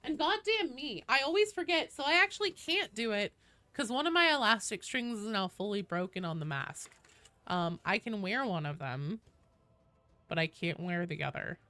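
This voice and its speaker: A woman's voice: mid-range voice, expressive, moderate pace, pushed and bright, no room sound. A young woman streaming a game from her home office, chatting casually with her viewers and reading out the queue. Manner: chatty, talks to chat and her cat. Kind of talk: casual live-stream chat. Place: home office with door closed.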